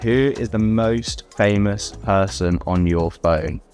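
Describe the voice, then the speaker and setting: A man in casual conversation, playful and measured in how he talks. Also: on the low side, a little mellow, faint music behind. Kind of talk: casual chat.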